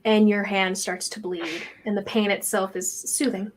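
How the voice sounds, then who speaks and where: A woman running a tabletop game as its game master. She narrates and explains in a loose, relaxed way, filling pauses as she goes, at a middling pitch. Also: slight background noise.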